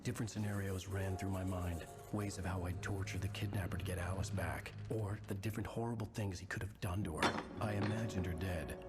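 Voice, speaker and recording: A man's voice: sits low, fairly even intonation, a little fast, hardly any pauses, lightly acted. An actor playing a grim male writer hunting for his wife, narrating in a weary, brooding video game voice. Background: loud game music.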